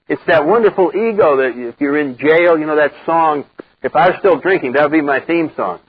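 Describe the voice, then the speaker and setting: Husky older man on lo-fi meeting tape. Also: on the high side, brisk. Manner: animated storyteller who acts out quoted voices, wry and blunt. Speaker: recovery meeting speaker. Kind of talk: personal recovery talk to a live group. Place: meeting room with a live group. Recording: dull lo-fi 1990s cassette recording.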